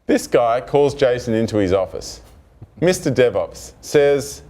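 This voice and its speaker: A man's voice: medium pitch, a little slow. A man presenting a developer talk and telling a workplace story with acted-out dialogue. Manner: animated storytelling, acts out dialogue. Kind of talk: technical talk to an audience.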